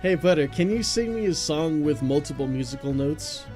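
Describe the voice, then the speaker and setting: A man's voice: on the high side, animated, moderate pace, a little mellow, faint music behind. A young man live-streaming a game, chatting casually with a goofy, jokey manner and humming nonsense tunes. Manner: goofy, laughing, hums and scats nonsense tunes.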